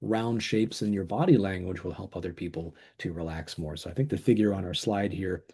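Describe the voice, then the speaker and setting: Speaking a little fast into a desk mic on a video call, a middle-aged webinar co-host has a low, warm, slightly rough voice. His delivery is reflective as he agrees with his co-presenter, with a few small stumbles.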